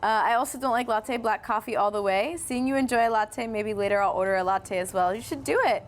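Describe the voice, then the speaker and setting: A woman's voice: on the high side, fairly quick, faint music behind. A young woman from North Carolina, hosting a casual live-stream chat, friendly and chatty, reading viewer comments aloud. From North Carolina, USA. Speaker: host.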